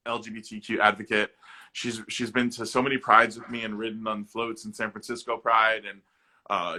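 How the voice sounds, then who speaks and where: A man, an actor and comedian, telling personal stories in a casual interview with animated jokes and impressions. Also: medium pitch, poor audio. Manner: animated, jokey, mimics the people in his stories; loose, with frequent fillers and restarts.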